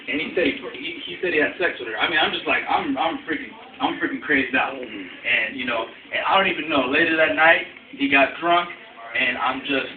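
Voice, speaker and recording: Filmed indoors by a phone camera across the room, a young man tells a loose, rambling story in a voice on the high side. He fills pauses with "I mean" and "you know" and curses without restraint. The audio is phone-quality, echoey, distant and noisy.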